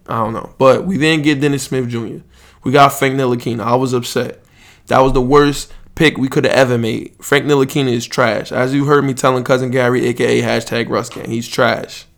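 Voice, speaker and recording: A man's voice: mid-range voice, moderate pace, creaky. A man with a New York accent hosting a casual sports podcast, ranting in a profane, rambling way with many restarts. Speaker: podcast host.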